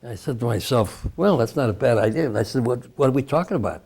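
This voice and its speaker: A man's voice: mid-range voice, lively intonation, quick pace, darkish tone, breathy edge. A man in his eighties from Cleveland, Ohio, a veteran telling his story in an oral history interview, rambling and chuckling often. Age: 80s.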